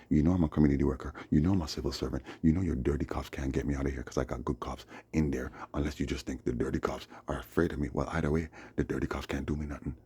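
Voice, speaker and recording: A man telling a long rambling story to camera, acting out voices and swinging between loud outbursts and hushed asides. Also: a bass voice, gravelly, slightly rough, no room sound. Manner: animated storytelling, acts out quotes, jumps between loud and hushed. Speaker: vlogger.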